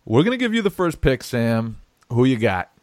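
A man's voice: mid-range voice, big pitch swings, moderate pace, a little mellow, dry recording. A man hosting a casual sports podcast, laughing often and restarting his sentences. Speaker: podcast host.

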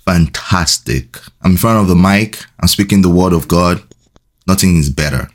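This young Nigerian man co-hosts a casual faith podcast, joking and playful but more hesitant when he turns reflective. He has a deep voice and speaks at a moderate pace.

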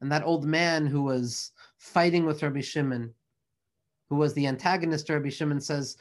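An earnest man delivers a religious lecture in long, flowing phrases, weaving Hebrew and Yiddish terms through his English. His voice sits somewhat high for a man. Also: fairly even intonation, moderate pace. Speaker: Torah teacher.

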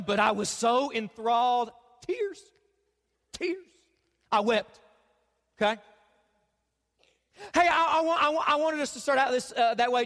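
A man in his thirties preaching a sermon to a church congregation, animated and joking with the crowd between scripture readings. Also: very high-pitched. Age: 30s. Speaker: pastor. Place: church sanctuary. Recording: long hall reverb.

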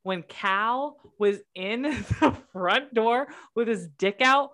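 A woman's voice: on the high side, slow, a bit bright. A woman co-hosting a casual podcast chat, blunt and opinionated, swearing freely. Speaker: podcast co-host.

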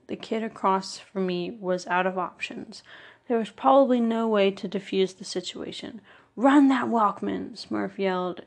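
Gravelly woman narrating a memoir. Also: medium pitch. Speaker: audiobook narrator. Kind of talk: first-person memoir narration.

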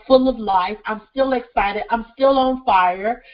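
A woman with a slightly high voice speaks a little slowly, and the recording's highs are cut off. She hosts her own upbeat solo radio show as a therapist and motivational speaker, sounding stuffy and congested from a cold. She's enthusiastic and effusive, repeatedly saying "listen" and "guys."

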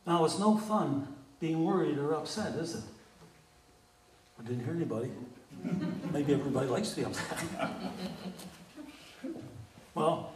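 A man preaching a sermon deliberately, asking his congregation questions. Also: fairly high pitch, echoey room, far from the mic, rough recording. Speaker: pastor.

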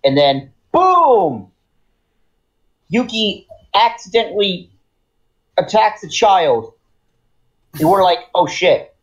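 Slow, deadpan podcast co-host man. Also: high voice, highs cut off. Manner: deadpan, dry humor. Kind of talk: casual podcast chat.

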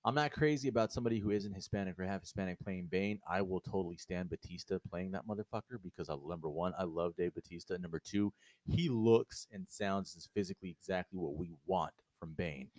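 A man's voice: sits low, fairly quick, darkish tone, no room sound. A man co-hosting a podcast, talking in a blunt, profane, emphatic way in casual, opinionated chat. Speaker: podcast co-host.

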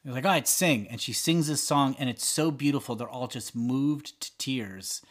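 A podcast co-host with a medium-pitched voice speaks at a moderate pace. In casual chat, he retells film scenes with animated storytelling, acting out the characters' lines as he goes.

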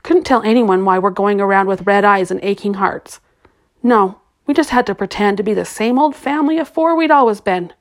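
A woman reading the part of a grieving, bitter middle-aged father who speaks low and guarded. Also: fairly quick, lightly acted.

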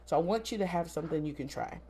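A woman's voice: low-pitched, animated, fast talker, dark tone, slightly rough. A woman in her thirties from South Florida, hosting a casual solo podcast in a candid, chatty, emphatic way. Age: 30s. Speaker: podcast host.

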